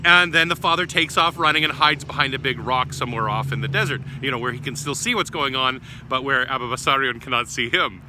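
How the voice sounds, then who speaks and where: A man, an Orthodox priest, giving a short homily as a gentle, affectionate storyteller. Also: medium pitch, a little fast, hardly any pauses, slight background noise. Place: church grounds.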